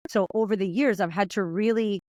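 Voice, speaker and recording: Fast-talking, impatient woman guest. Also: mid-range voice, a little mellow, no echo, clean studio sound. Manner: fast, impatient, acts out her inner voice. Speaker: podcast guest. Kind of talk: animated conversational storytelling.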